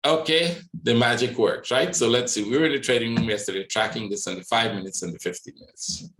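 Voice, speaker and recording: A man hosting a trading webinar, walking through charts live and thinking aloud, often checking in with a quick "right?". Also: mid-range voice, steady tone, roomy sound, background noise. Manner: thinks aloud, many "right?" tag questions. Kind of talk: live market analysis walkthrough.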